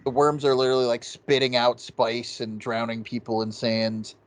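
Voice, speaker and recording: A man co-hosting a casual movie review chat, talking excitedly and swearing often. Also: mid-range voice, normal speed. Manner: excited, profane, quotes scenes in goofy voices. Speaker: podcast co-host.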